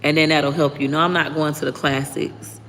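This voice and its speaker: A woman, hosting a livestream and giving frank, profane, lively life advice. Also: low-pitched, moderate pace. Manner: frank, profane, animated storytelling. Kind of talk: casual livestream chat. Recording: long reverb, faint background noise.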